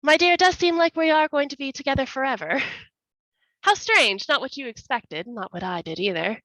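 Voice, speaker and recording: A woman's voice: high-pitched, animated, brisk, pushed and bright, dry recording, pitched above the performer's own voice. A woman voicing a terrified man who pleads in a raised, frantic voice as he is being walled in. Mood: wry dread. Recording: dull lo-fi sound.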